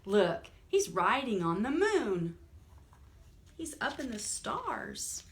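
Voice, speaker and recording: Slow, gentle storytime librarian woman. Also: on the high side, very animated, background noise. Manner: gentle, asks the children questions. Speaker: children's librarian. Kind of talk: toddler storytime reading and singing.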